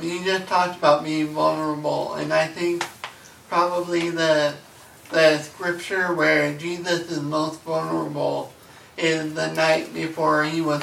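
A man in a group Bible discussion, speaking in a halting, thoughtful way. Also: fairly high pitch, gravelly, a bit bright, slight background noise. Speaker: study group member. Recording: echoey room, mic far off.

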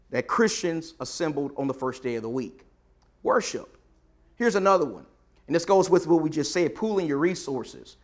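A male preacher delivering a sermon in a church auditorium. His voice sits a little high, and he talks to the pews conversationally. He reads scripture aloud with emphasis. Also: a bit bright.

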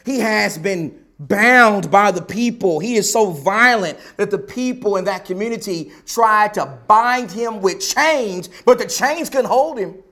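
Guy preaching a sermon, pretty high voice, keeps repeating himself and asking the crowd questions. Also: lively intonation, unhurried, few pauses, bright, forceful tone. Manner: emphatic, repeats phrases, asks rhetorical questions.

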